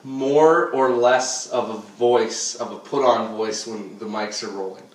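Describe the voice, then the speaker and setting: A man co-hosting a podcast in casual chat, joking and teasing with quick wisecracks. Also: medium pitch, steady tone, echoey room, poor audio. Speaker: podcast co-host.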